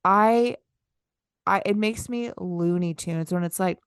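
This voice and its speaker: Animated woman, dry close sound. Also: a little slow, smooth, no room sound. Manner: animated, acts out exasperated customer lines with big pitch jumps. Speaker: podcast co-host. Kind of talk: casual chat.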